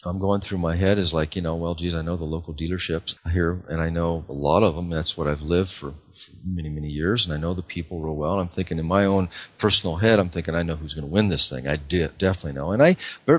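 A middle-aged man from Idaho telling stories in a casual interview, rambling with frequent fillers and repeated words. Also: sits low. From Idaho, USA. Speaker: guest, car dealer.

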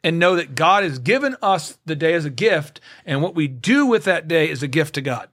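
Man, high voice, studio guest, lively storyteller who does the dialogue himself. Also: normal speed. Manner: animated storyteller acting out both sides of dialogues. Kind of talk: casual studio conversation.

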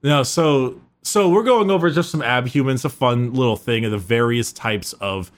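A man's voice: mid-range voice, normal speed. A man with a sore throat chatting casually and quizzing his co-host. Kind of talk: casual chat.

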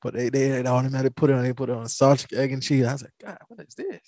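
A man's voice: medium pitch, rapid-fire, no echo, studio quality. A man from the American South hosting a podcast, telling stories animatedly with lots of restarts. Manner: animated storytelling, stumbling restarts, laughing. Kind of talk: casual chat.

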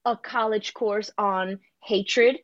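A woman's voice: medium pitch, slow, no room sound, muffled recording. Candid woman singer telling stories. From New Jersey. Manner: candid, animated storytelling with quoted asides. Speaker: singer interviewed as guest. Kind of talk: casual video-call interview. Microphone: video call.

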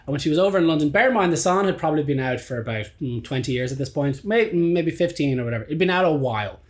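Fast-talking man with lively pitch. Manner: very fast, tangled, laughing storyteller. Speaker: podcast host. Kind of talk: casual chat.

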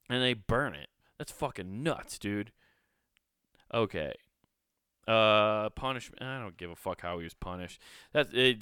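A man's voice: fairly low pitch, pushed and bright, clean tone, no room sound, studio quality. A young man reading a story aloud and reacting to it with rambling, profane asides. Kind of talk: casual reaction commentary.

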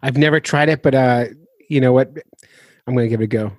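A man hosting a casual chat, curious and quick to react with questions. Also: medium pitch, darkish tone, no echo, clean studio sound.

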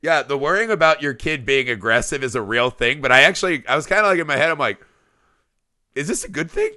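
A man in his thirties co-hosting a casual movie podcast, animated and profane, acting out quotes with big jumps in his voice. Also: medium pitch, fast, dry recording, clean studio sound. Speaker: podcast co-host.

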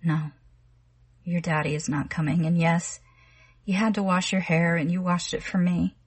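A menacing young man, read by a woman with a husky, low voice, wheedling and slangy. He rattles off tough-guy expressions in a coaxing drawl. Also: little pitch movement, moderate pace. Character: smooth-talking menacing young man, pushy.

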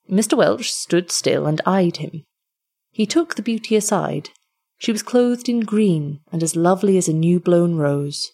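Low, husky woman reading a tale. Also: lively intonation, measured pace, mellow. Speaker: storyteller. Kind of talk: reading an old tale aloud.

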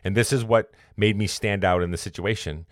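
A man tells a long, rambling story on his podcast. He often corrects himself and then lands on a motivational point. His voice sits low, and it is recorded close and dry with no room sound. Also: fairly quick, no echo. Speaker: podcast host. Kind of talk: casual storytelling monologue.

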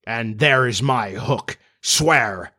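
A man's voice: medium pitch, drawn-out words, bright, forceful tone, heavily acted. A man voicing a commanding, melancholy male pirate captain in a storybook reading. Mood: brooding.

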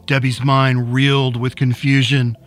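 A man narrating a dark serial story in a measured, deliberate way, and hosting the episode. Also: medium pitch, flat delivery, faint music behind. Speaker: narrator and host.

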